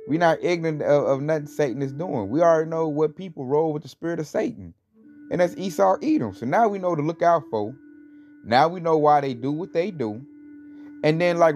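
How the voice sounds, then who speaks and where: A religious teacher with a slightly high, darkish voice gives an informal talk that rambles conversationally. He leans on fillers and scornful emphasis, and faint music sits under the dull lo-fi recording.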